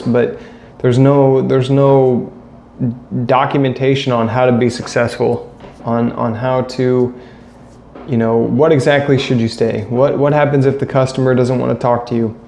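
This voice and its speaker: A man rants casually and bluntly to camera, circling back to his points. His voice is mellow and sits at a middle pitch. The room is echoey with a faint hum of ambient noise behind him. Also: steady tone, normal speed, vocal fry. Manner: blunt, critical, repeats himself. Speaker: vlogger.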